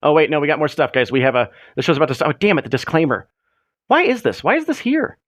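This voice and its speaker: A man's voice: on the high side, big pitch swings, fast, soft background music. A man hosting a casual livestream, greeting chatters and rambling through jokes. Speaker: streamer host.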